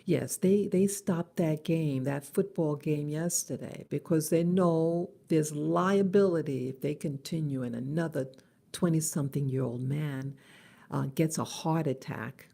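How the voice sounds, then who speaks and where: Woman vlogger, low husky voice, gravelly, slow and halting, early-morning voice. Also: dark tone. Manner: halting, many restarts and fillers. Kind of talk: casual monologue to camera.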